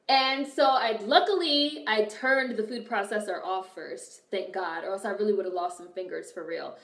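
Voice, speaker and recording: A young woman streaming and chatting casually with her viewers, telling animated stories full of swearing. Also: mid-range voice, moderate pace. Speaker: streamer reacting to a movie and reading chat. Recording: echoey room.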